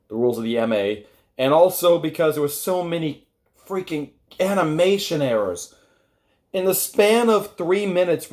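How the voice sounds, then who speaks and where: A man's voice: a little high, a little mellow. A man hosting an online review, talking casually and sarcastically straight to his viewers with a critical edge. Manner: wry, critical, talks to viewers directly.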